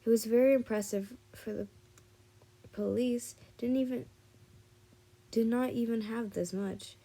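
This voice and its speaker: A tired woman reading a fan fiction story aloud, slowly and with frequent restarts. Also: fairly high pitch, steady tone, warm tone. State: tired and yawning.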